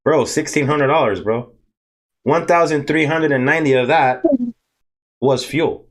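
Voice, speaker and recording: A man's voice: a little high, a little slow. A man hosting a casual podcast chat who rambles and repeats words as he searches for them.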